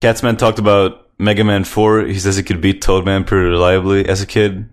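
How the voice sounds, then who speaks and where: A man with a somewhat low-pitched voice hosts a casual group podcast. He reads listener comments aloud and laughs along with his co-hosts. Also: little pitch movement, fairly quick.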